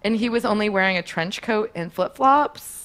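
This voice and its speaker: A young woman telling a story in casual chat, animated and often laughing, acting out quotes in a higher voice. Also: moderate pace.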